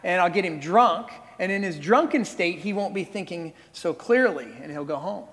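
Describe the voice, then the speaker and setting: A scheming ancient king plotting out loud in hurried, offhand talk, as a preacher puts him on. The voice sits high for a man and rings out with a long hall reverb.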